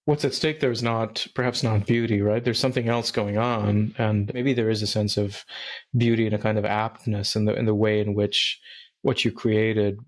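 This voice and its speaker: Thoughtful lower-voiced male host. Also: flat delivery, normal speed. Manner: thoughtful, searching for words. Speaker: podcast host. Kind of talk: casual interview.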